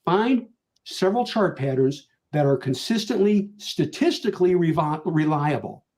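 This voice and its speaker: An older man talks on a video call, slightly high-voiced and sincere. He drives his points home by repeating them, like a veteran sharing hard-won lessons with a panel audience. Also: expressive, normal speed, darkish tone. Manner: earnest, repeats key points for emphasis. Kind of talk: virtual conference panel talk.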